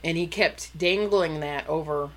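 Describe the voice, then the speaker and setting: Telling a long tale in a relaxed chat, this woman has a distinctly low voice. She speaks loosely, restarting sentences and leaning on "um" and "like" to fill pauses.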